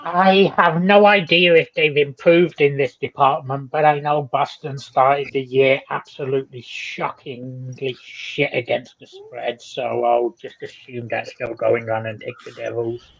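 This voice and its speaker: A man's voice: mid-range voice, fairly even intonation, measured pace, gravelly, hardly any pauses, muffled recording. A man co-hosting a casual sports betting podcast, offhand and laid-back. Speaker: podcast co-host.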